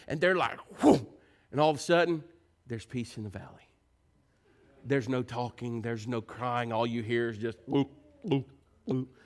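A preacher man delivering a sermon to his congregation. He talks in a mid-range voice with a conversational, earnest tone and grows animated when he tells a story. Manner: animated, rising to high excited pitch when telling stories.

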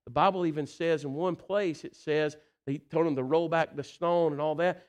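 A man preaching a sermon in a folksy, animated way, swinging between loud emphasis and quiet intensity and often saying "listen" and "you know.". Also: on the high side, moderate pace, hardly any pauses.

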